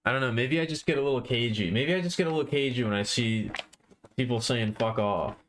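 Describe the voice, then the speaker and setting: A man's voice: mid-range voice, fast talker, fairly bright tone. A man with a middle-range voice chats loosely with his stream viewers as he works on a drawing. He rambles, trails off and corrects himself mid-sentence. He sounds like a live streamer talking off the cuff. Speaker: livestreamer. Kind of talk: casual live-stream chatter to chat.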